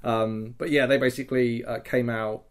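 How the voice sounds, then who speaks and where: A man's voice: medium pitch, moderate pace, clear, resonant tone. Chatty man telling a rambling story. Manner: animated, swears casually, full of fillers like "like" and "okay?". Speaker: podcast host recounting a live-action role-play weekend. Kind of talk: casual storytelling chat.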